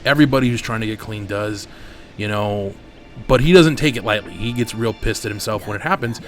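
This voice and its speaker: A man's voice: fairly low pitch, brisk, soft background music. Candid, swearing gaming host man. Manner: candid, profane, rambling. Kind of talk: casual storytelling over gameplay.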